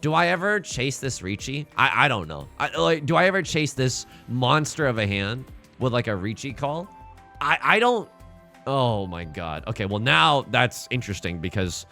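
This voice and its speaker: Guy doing let's play commentary, jokey, talks to himself, swoopy lively voice. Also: mid-range voice, moderate pace, creaky, faint music behind. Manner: playful, joking self-talk with repeated phrases. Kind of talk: gameplay commentary.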